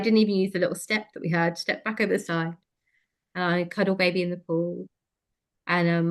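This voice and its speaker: A woman telling a personal story in conversation, frank and lively, with many fillers. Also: on the low side. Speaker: interview guest.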